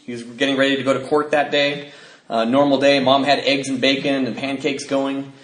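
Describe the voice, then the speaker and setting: A middle-aged man speaking at a recovery convention, telling his own story in an animated way and acting out family members. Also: mid-range voice, brisk. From United States. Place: convention hall. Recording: echoey convention hall.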